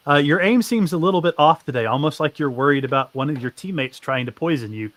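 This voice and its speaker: A man runs a tabletop game as game master, narrating briskly with plenty of fillers. His voice sits a little high and has a sharp, bright edge. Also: animated, no room sound.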